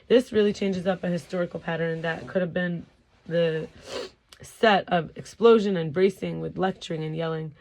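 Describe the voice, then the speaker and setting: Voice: mid-range voice, moderate pace, darkish tone. Tired speaker giving an informal teaching talk. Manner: informal, with fillers and restarts. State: tired, yawning. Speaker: self-help teacher.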